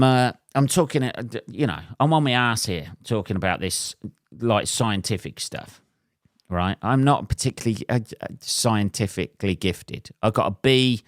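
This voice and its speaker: Rambling, wry English podcast host. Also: male voice, mid-range voice, fairly bright tone, no room sound, studio quality. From England. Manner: rambling, self-mocking, wry asides and frequent ums. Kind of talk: solo rambling podcast monologue.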